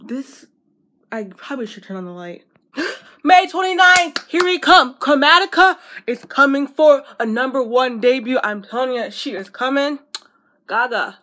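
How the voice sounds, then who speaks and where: A woman vlogging as an excited fan, gushing breathlessly and repeating herself. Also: on the high side.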